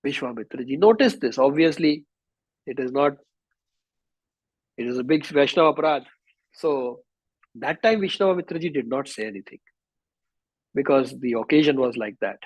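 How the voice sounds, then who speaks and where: A man's voice: mid-range voice, normal speed, pauses often, slightly rough, no echo, low-quality recording. A man telling a devotional scripture story over a video call, acting out the dialogue. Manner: animated, acts out dialogue.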